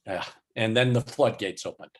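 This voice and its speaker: A man being interviewed as a guest, telling a long personal story slowly, with many fillers and restarts. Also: fairly low pitch, breathy edge. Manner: slow, halting delivery with many fillers.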